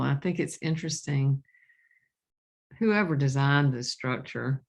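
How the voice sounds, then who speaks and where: A woman leading a meditation group in a soft, encouraging way. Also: very deep voice, creaky. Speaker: meditation teacher. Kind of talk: casual group discussion.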